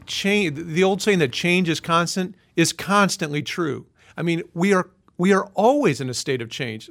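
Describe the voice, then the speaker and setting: A man's voice: fairly high pitch, fairly bright tone. A man being interviewed as a management consultant, explaining his advice earnestly, point by point. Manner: earnest, list-driven explaining. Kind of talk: interview answers.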